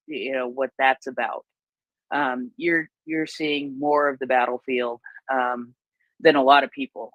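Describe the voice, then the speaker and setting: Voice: medium pitch, a bit bright, dry recording, poor audio. Co-host talking casually, retelling stuff, lots of uhs, dry close audio. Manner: conversational, retelling what others said, many fillers. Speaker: co-host of live audio chat. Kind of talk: casual live audio chat.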